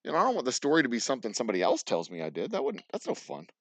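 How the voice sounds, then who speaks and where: A man's voice: medium pitch, wildly swooping pitch, racing, gravelly, fairly bright tone, dry recording. Rambling Texan man chatting while working. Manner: rambling storyteller, swears freely, laughs often. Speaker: distillery owner streaming live. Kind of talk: casual live-stream chat while working. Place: distillery workroom.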